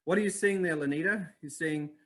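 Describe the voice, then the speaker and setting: Energetic New Zealand man hosting a webinar. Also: a little high, fairly quick. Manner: upbeat, energetic, talks to chat directly. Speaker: webinar host. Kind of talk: live online masterclass.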